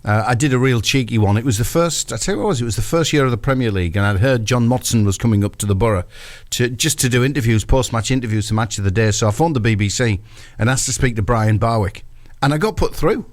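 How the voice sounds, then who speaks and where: A man, presenting a football chat show and telling anecdotes with lively delivery. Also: medium pitch, quick pace, few pauses, no room sound. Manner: animated storyteller. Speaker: radio presenter. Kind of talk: casual sports banter and anecdote.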